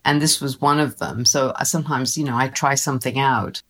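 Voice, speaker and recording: A woman with a low voice chats as a guest in an interview. She is animated and laughs easily. She talks about her writing in a relaxed way. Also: a little fast. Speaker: children's author, interview guest. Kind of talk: casual interview chat.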